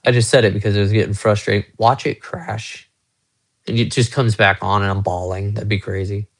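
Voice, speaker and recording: On a phone live stream from a small room in his home, a young man chats loosely with viewers and shows off guitars and watches, the phone held close. His voice is on the low side, quick, and fairly flat in pitch.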